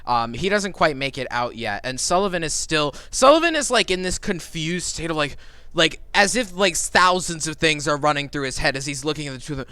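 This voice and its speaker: A man narrating as game master of a tabletop role-playing game, animated and rambling, swearing now and then. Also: on the high side, brisk, clean tone, dry recording. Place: home streaming setup.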